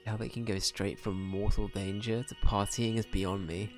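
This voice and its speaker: A man reading the lines of an anxious first-time adventurer softly, in his own low voice. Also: little pitch movement, moderate pace, soft background music, natural voice. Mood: weary. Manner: quiet, subdued reading of game dialogue. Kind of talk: reading game dialogue aloud.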